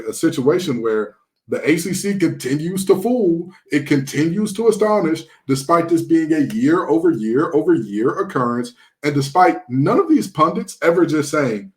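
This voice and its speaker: Sarcastic animated man hosting sports talk. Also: a little high, normal speed. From Detroit. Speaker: sports podcast host.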